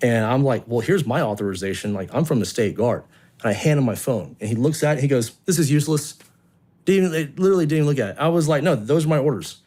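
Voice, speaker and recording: A man's voice: medium pitch, quick pace. A man who volunteers in rescue work, telling a story in an interview and acting out what people said. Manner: animated, acts out quotes.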